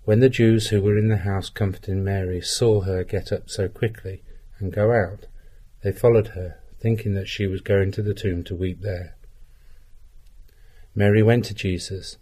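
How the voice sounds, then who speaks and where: A man reading a Gospel passage aloud in a measured, even way. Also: fairly low pitch, husky. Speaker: scripture reader.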